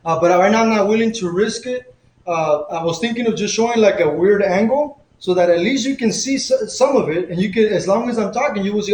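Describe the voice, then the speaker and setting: A man's voice: sits high, fairly quick, darkish tone, reverberant, slight background noise, poor audio. A man casually chatting on a live stream, telling loose, profane stories with lots of laughs and fillers. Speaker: boxing coach live-streaming a fight commentary.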